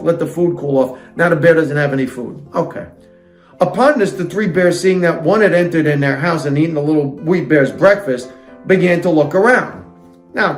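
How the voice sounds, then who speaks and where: A man's voice: a little high, echoey room. A man reading a fairytale aloud and breaking off into sarcastic, indignant comic rants. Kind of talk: comic storybook reading with ranting asides.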